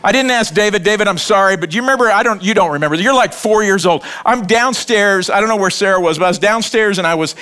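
A middle-aged man preaching a sermon in a conversational, animated way, joking and acting out little scenes. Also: high-pitched, fast talker, hardly any pauses, clear, resonant tone. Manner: animated, conversational preaching with laughs and acted quotes. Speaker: pastor.

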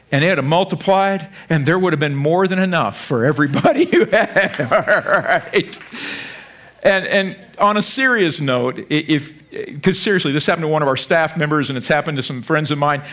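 A pastor from the United States, a man, preaching a sermon in an energetic, joking way, repeating lines and stumbling over words. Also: on the high side.

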